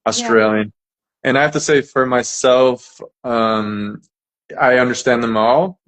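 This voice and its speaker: Chatty American man, relaxed fillers. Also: medium pitch, unhurried. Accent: General American. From United States. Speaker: English teacher, guest. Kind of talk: casual conversation.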